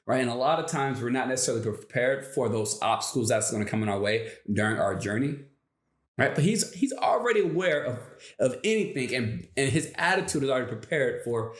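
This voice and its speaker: A man talks through a motivational story in a loose, conversational way, often tossing in quick questions to the listener. His voice sits at an ordinary middle pitch. The room around him rings with noticeable echo. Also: lively intonation. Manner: casual, conversational, frequent tag questions. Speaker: motivational video host. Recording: echoey room.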